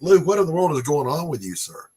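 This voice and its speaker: Very animated and quick, a middle-aged man with a slightly high, somewhat mellow, slightly rough voice hosts a podcast. He chats casually with his guests, rambling and putting himself down.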